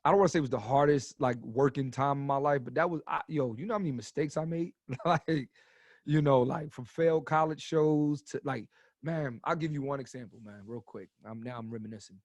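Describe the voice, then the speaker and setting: A man in his thirties, a comedian guest telling stories on a podcast in a casual, animated way, swearing freely and getting loud as he goes. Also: medium pitch, fairly quick, no echo. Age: 30s.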